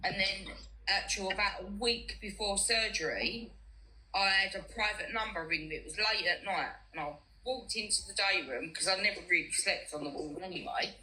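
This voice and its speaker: A woman's voice: medium pitch, moderate pace, sharp tone, slight background noise, poor audio. A young woman, chatting casually on a live stream and frankly telling a personal story, acting out both sides of past conversations. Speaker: host.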